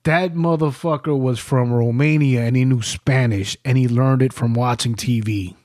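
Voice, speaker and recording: A man hosting a podcast, telling stories in a profane, animated, casual way. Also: medium pitch, normal speed, no echo, clean studio sound. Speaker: podcast host. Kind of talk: casual chat. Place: studio.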